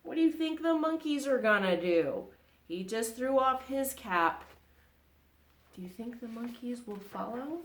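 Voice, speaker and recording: A woman reading a children's story aloud, animated and asking the young listeners questions as she goes. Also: on the high side, measured pace, roomy sound.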